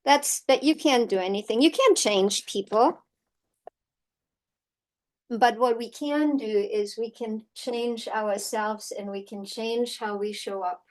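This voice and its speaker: A middle-aged woman teaching an online horsemanship course in a casual, storytelling way, often checking in with "right?" and acting out quotes in lively voices. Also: mid-range voice. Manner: chatty storytelling, frequent "right?" tag questions; acts out quotes in animated voices. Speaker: horsemanship instructor.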